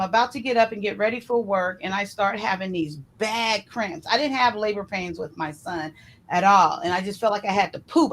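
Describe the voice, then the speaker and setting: A woman casually telling a personal story in an animated way, acting out what others said to her. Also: slight background noise. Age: adult. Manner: animated, re-enacts others' words with shifting pitch.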